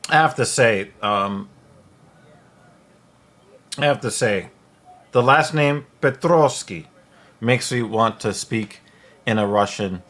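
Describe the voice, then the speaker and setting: A man's voice: on the low side, slow pace, long pauses, a bit bright. A man hosting a loose, chatty live stream, talking casually with frequent fillers and restarts. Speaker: host.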